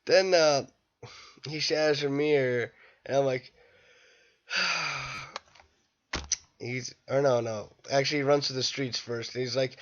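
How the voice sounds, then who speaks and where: A tired young man rambling through a casual, irreverent movie review late at night, breaking into loud bursts when quoting scenes. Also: medium pitch, unhurried, pauses often. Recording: dull lo-fi home recording.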